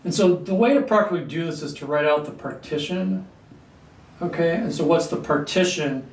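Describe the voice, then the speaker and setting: A man teaching a calculus lesson at a whiteboard, clearing his throat often and talking through steps with fillers. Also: a little high, normal speed, a little hiss or hum. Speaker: math teacher. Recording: echoey room, mic at a distance.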